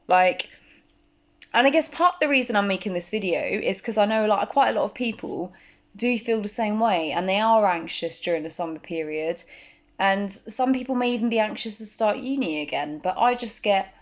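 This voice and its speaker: A woman in her twenties talking casually to camera as a vlogger, full of fillers and quick asides. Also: medium pitch. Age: 20s. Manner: chatty, many fillers like "like". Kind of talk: casual chat.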